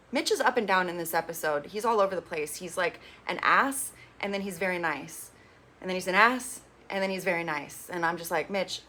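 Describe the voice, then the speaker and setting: Bright-voiced woman recapping reality TV. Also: mid-range voice. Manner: chatty, quoting the cast in quick asides. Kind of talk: casual recap chat.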